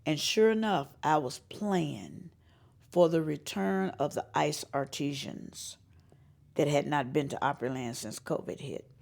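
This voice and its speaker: Gravelly woman telling stories. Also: sits low, a little slow. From North Carolina. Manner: animated storyteller who acts out the voices of people she quotes, laughing often. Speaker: singer-songwriter guest. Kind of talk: storytelling interview.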